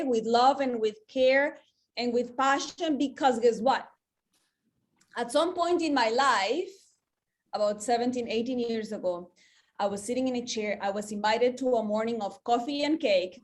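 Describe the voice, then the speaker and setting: A woman in her forties, a sales manager, telling her own story in an earnest, emotional motivational talk, saying "like" a lot. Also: on the high side. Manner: emotional, earnest, says "like" often.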